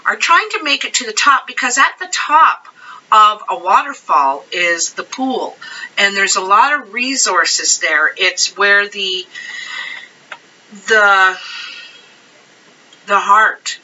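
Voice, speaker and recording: A woman talks through a tarot reading at a slow, meandering pace, full of ums and asides. Her voice sits fairly low but has a bright, forceful edge. She is recorded from some distance on dull, lo-fi audio. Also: lively intonation. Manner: slow, rambling, chatty, with frequent fillers. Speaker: tarot reader. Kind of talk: casual tarot reading to camera.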